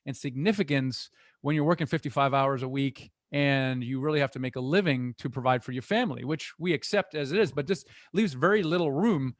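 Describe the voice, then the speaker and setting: A middle-aged man talking as a guest in an interview, earnest and animated as he tells stories. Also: medium pitch, a little fast, dry recording, clean studio sound. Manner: earnest, animated storytelling with restarts. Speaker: guest, real estate investor. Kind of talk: conversational interview.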